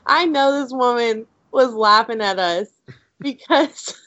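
A woman co-hosting a podcast, telling a story in a casual, animated way and saying "like" a lot. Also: a little high, slow pace, dry recording. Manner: animated, excitable storyteller, heavy use of "like". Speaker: podcast co-host. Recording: dry, dull lo-fi audio.

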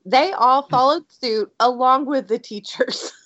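A woman co-hosting a podcast, telling a story in a casual, animated way and saying "like" a lot. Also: high voice, a little slow, no room sound. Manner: animated, excitable storyteller, heavy use of "like". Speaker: podcast co-host. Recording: dry, dull lo-fi audio.

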